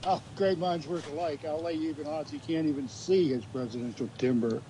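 Mellow-voiced joking man. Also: fairly high pitch, fairly even intonation, fairly quick, a little hiss or hum, rough recording. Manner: joking, folksy. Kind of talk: casual political talk.

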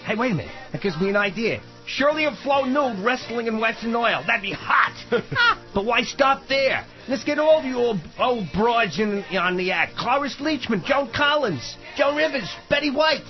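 A man's voice: very high voice, lively intonation, moderate pace, dull audio, faint music behind. A man voicing a crude, boastful old male showbiz manager as a radio comedy impression. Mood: gleeful. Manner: boastful, shouting, gleeful.

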